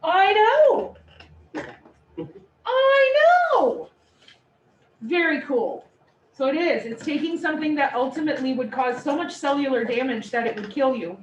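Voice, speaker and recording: Woman instructor, high voice, playful lecture style, echoey room recorded from a distance. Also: a little fast, lo-fi sound. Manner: animated, playful explanations. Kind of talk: classroom lecture. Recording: echoey room, distant mic, faint noise.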